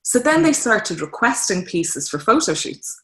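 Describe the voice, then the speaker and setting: A woman's voice: on the high side, unhurried, reverberant. An Irish woman in her thirties telling stories in a casual interview, acting out quotes as she goes. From Ireland. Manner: lively storyteller, acts out quotes in voices. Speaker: guest, fashion designer.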